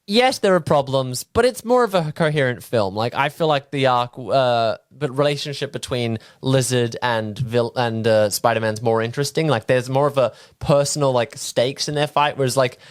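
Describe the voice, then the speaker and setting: A man's voice: medium pitch, moderate pace, few pauses, clean tone, no echo. Easygoing man co-hosting a film podcast, dry wit, mid voice, dry close mic. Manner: easygoing, wry, laughs often, restarts. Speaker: podcast co-host. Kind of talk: casual movie review chat.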